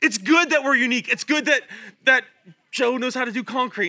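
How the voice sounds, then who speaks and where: A man in his thirties preaching a sermon in a church, animated and self-deprecating, showing points with his hands. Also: extremely high pitch, a little fast. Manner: animated, self-deprecating, talks with hand demonstrations. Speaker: guest preacher. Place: church sanctuary.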